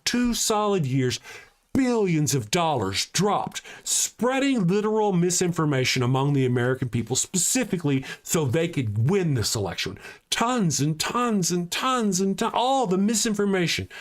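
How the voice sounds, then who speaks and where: A man's voice: high-pitched, sing-song, normal speed. A man hosting a live-streamed talk show, ranting heatedly and answering chat comments aloud from home.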